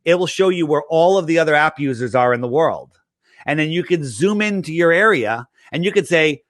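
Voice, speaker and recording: A man in a casual interview with a slightly high voice, close and dry with no room sound. He tells rambling stories and acts out what other people said, full of restarts. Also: a little fast, dry recording. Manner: animated storyteller, acts out quoted dialogue. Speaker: interview guest promoting his app.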